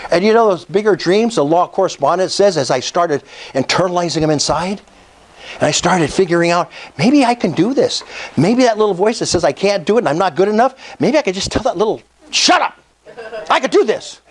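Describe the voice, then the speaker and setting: Man, 60s, high-pitched, fervent preacher-style motivational speaker, call-and-response. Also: a little hiss or hum. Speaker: speaker at a real estate investor meetup. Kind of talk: motivational speech.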